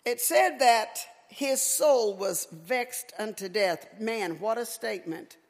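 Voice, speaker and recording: A woman preacher delivering a sermon, emphatic and folksy, her voice rising toward near-shouts in a church. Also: fairly high pitch, takes it slowly. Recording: echoey hall with long reverb.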